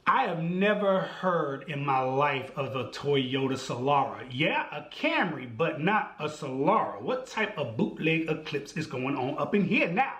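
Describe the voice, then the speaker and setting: Animated, high-voiced man telling a story. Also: unhurried, hardly any pauses, roomy sound. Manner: animated, comic storytelling with slang and voiced asides. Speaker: podcast host. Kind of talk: storytelling monologue.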